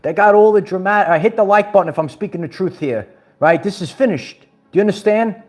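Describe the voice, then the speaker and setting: A man's voice: high-pitched, a little fast, a little mellow. Preachy Brooklyn man with music behind. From Brooklyn, New York. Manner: emphatic, preachy, repeats phrases, addresses viewers directly. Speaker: spiritual empowerment vlogger. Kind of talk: livestream motivational talk.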